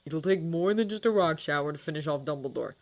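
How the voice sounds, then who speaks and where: Woman doing a brave young wizard boy, earnest, low voice, calls out. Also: animated, fast talker. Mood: determined. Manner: earnest, calling out loudly.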